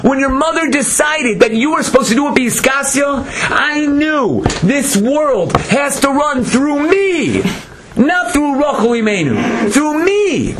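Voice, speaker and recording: A man's voice: extremely high pitch, very animated, a little slow, voice pushed up, full character voice. A man voicing Leah, an indignant biblical matriarch, who talks in an insistent, defiant way. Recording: noisy lecture recording.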